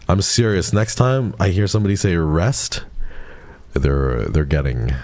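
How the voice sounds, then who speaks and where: Deep-voiced young man chatting with his stream. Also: animated, measured pace, a little mellow. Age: 20s. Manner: playful, mock-outraged teasing of chat. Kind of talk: casual chat with viewers.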